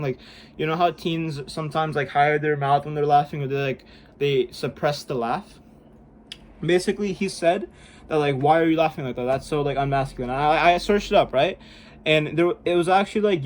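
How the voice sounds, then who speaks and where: A man's voice: on the high side, a little mellow, a little hiss or hum. A young man vlogging casually and self-consciously, rambling with lots of "like" and "bro". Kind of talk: casual self-help vlog. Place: room indoors at home.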